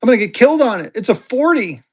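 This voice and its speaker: A live online auction seller doing fast sales patter, repeating phrases and getting excitable as bids come in. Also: slightly rough. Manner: excitable, voice jumps high when bidding heats up; rapid hype with repeated phrases.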